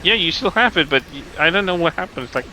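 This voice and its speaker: A man's voice: a little high, lively intonation, fast talker, pushed and bright, a little hiss or hum, rough recording. A man chatting casually while gaming, grumbling and restarting his words. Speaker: co-host gaming on stream.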